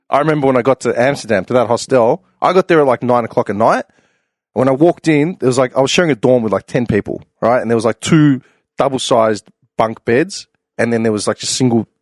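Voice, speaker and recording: A man talks quickly and loosely, piling on fillers as he spins a long anecdote for his co-hosts. The sound is dry and close, with no room around it. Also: medium pitch, no room sound. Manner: rambling, animated storyteller full of fillers. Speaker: podcast panelist. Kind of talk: casual storytelling chat.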